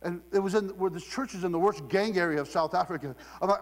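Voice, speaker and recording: Male preacher, animated storyteller, higher voice, church reverb and mains hum. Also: quick pace, hardly any pauses. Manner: animated storyteller, acts out quotes in raised voice. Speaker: guest preacher. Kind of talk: sermon with humorous stories. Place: church sanctuary.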